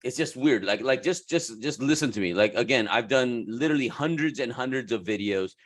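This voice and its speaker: A man coaching estheticians in a casual talk to camera, animated and slangy, sometimes jumping into high voices to quote people. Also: fairly quick.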